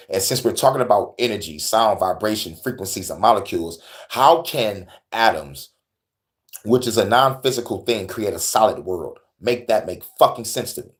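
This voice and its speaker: A man's voice: fairly low pitch, moderate pace. A young man hosting an online talk show, reacting in casual, profane slang and laughing often. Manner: animated, laughing, swearing, slangy. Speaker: host.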